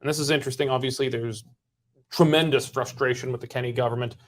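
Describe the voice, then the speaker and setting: A man's voice: medium pitch, steady tone, fast talker. Man hosting a political panel. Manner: probing, presses with questions. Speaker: political talk show host. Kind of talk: casual political panel discussion.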